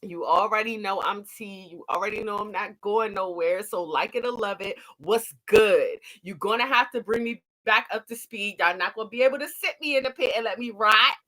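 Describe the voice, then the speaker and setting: A woman's voice: medium pitch, moderate pace, hardly any pauses, pushed and bright. A woman voicing a cocky male villain who taunts his captors in brash, mocking street talk. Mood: taunting.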